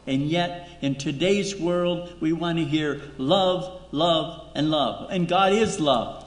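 A man's voice: on the high side, takes it slowly. A man preaching a sermon as pastor, emphatic, repeating key words and asking rhetorical questions. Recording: echoey hall reverb.

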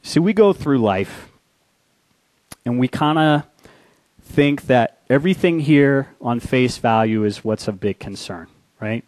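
A man preaching a sermon, reading scripture and telling a war story, swinging from hushed and slow to loud and urgent. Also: medium pitch, dry recording. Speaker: pastor.

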